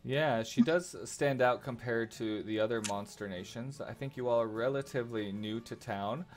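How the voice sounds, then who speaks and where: A man narrating as game master of a tabletop game, halting with frequent filler sounds. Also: mid-range voice, faint music behind.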